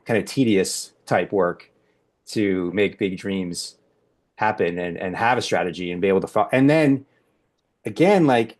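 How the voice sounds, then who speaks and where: A man hosts a group discussion in a relaxed, rambling way, circling back with restarts and fillers. His voice sits on the low side. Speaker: podcast host.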